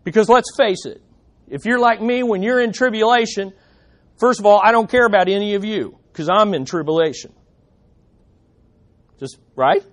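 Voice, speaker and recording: A middle-aged man preaching with a high, bright voice. He delivers his sermon with animated energy and drops in joking asides to the congregation. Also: moderate pace, pauses often. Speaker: pastor.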